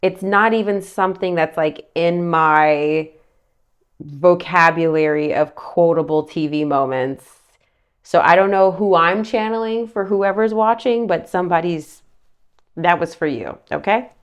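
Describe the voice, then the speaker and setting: A woman's voice: fairly low pitch, unhurried, smooth. A woman casually talking through a monthly tarot forecast, chatty and rambling, slightly out of breath. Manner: chatty, rambling, self-interrupting with asides. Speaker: tarot reader.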